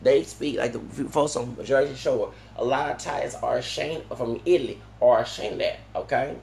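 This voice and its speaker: A man's voice: mid-range voice, a little fast, vocal fry, darkish tone, reverberant, slight background noise. A man talking in a long, rambling monologue, full of restarts and tag questions like "okay?". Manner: digressive, many restarts and "okay?" tags. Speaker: vlogger.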